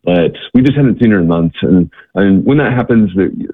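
A man telling earnest stories as an interview guest, halting with many restarts and fillers, over a phone-like line. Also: sits low, animated, dry recording. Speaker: guest, missionary organization worker. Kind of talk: interview storytelling. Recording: tinny phone-like line, dry.

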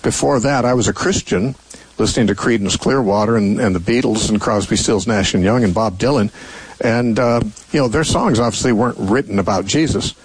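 A man's voice: fairly low pitch, a little fast, breathy edge, no room sound, poor audio. An older man hosting a call-in radio Bible show, answering callers with thoughtful, rambling explanations full of fillers and restarts.

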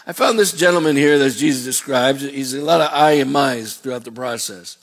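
A man's voice: mid-range voice, fairly quick, hardly any pauses. A middle-aged male pastor preaching a sermon in a folksy, rambling way, with asides and repeated words.

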